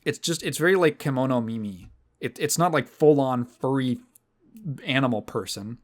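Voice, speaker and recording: A man hosting a podcast, telling a story in a casual, rambling and animated way. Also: medium pitch, moderate pace. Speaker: podcast host. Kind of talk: casual chat.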